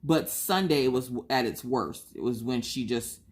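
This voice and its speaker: A woman's voice: extremely low pitch, normal speed, husky. A woman, telling family stories in a casual chat and acting out her family's voices. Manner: animated, acts out family members' voices. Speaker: vlogger.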